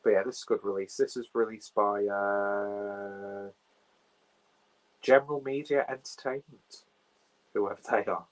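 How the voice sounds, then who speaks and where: A man's voice: lowish voice, fairly even intonation, unhurried, long pauses, low-quality recording. A man hosting a casual film podcast, rambling and offhand with crude jokes, recorded on a phone camera. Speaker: podcast host.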